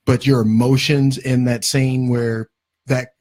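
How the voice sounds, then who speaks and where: A man's voice: mid-range voice, level tone, slow, a little mellow. A man co-hosting a podcast, chatting casually and enthusiastically in fragments. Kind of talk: casual chat.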